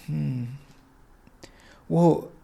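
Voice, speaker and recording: A man's voice: on the high side, fairly even intonation, very slow, vocal fry, warm tone. A man hosting a casual tutorial, thinking aloud as he works, hesitant and correcting himself, with a congested voice. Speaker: fantasy sports tutorial host. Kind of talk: casual screen-share tutorial.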